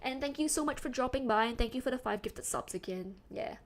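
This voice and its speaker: A high-pitched young woman from Singapore chats with her viewers in a relaxed, giggly streamer way. Her accent has a slight British-sounding lilt. She talks on a desk mic and keeps reading chat messages aloud. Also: brisk.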